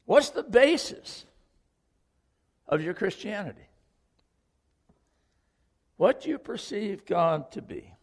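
A man's voice: high voice, sing-song, slow pace, long pauses, long reverb tail. A man preaching a sermon to a congregation, earnest and questioning, repeating key lines for emphasis. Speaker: pastor.

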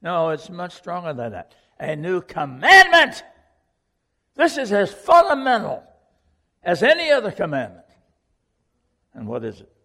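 A man's voice: high-pitched, wildly swooping pitch, moderate pace, pauses often, long reverb tail. A man preaching a sermon to a congregation, earnest and questioning, repeating key lines for emphasis. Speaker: pastor.

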